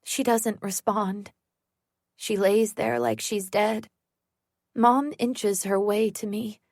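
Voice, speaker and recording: A woman narrating a thriller audiobook in the first person, measured and tense. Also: mid-range voice, fairly even intonation, vocal fry, a little mellow, no echo, clean studio sound.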